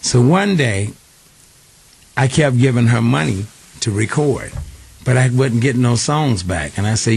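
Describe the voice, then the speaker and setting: A man's voice: medium pitch, lively intonation, unhurried, creaky, darkish tone, breathy edge. An older man, a singer giving a radio interview, telling long stories and acting out the voices of the people he quotes. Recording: faint hiss.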